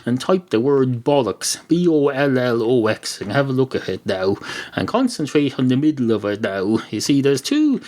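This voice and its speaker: A man's voice: medium pitch, big pitch swings, moderate pace, a little mellow. An Irish man hosting a solo comedy podcast, rambling and sardonic, with many "uh" fillers and mock-outraged asides. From Ireland. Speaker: podcast host.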